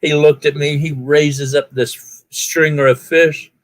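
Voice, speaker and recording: A man's voice: fairly high pitch, fairly even intonation, a little slow, rough recording. A man chatting casually, telling folksy stories and acting out the people in them with raised voices. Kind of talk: casual storytelling chat.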